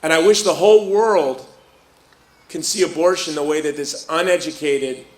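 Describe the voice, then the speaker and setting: In a roomy hall, a middle-aged Chicagoan tells a live audience a personal story, vividly acting out the voices he quotes. His voice runs on the high side at a normal speed.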